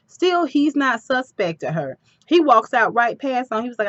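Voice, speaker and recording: A woman giving a casual, animated recap of a TV episode with personal asides. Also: a little high, moderate pace, no echo, lo-fi sound.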